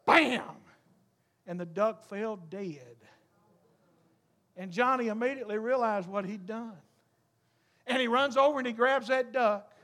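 A man preaching a sermon, telling a story with humor and rising to fervent, shouted appeals. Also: high-pitched, measured pace, long pauses.

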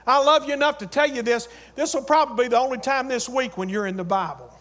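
Man, very high voice, preacher, sermon, repeated exhortations, calls to the congregation. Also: fast, few pauses. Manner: swings from loud urging to quiet storytelling.

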